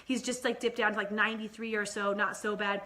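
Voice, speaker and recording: A young woman and mother talking casually to camera as a vlog host, chatty, with many "like" and "right?" fillers, her pace swinging between quick and slow. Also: mid-range voice, little pitch movement, bright, forceful tone.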